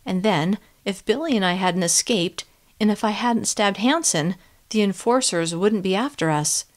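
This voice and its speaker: A woman narrating a first-person audiobook in an expressive, tense storytelling manner. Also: mid-range voice, normal speed.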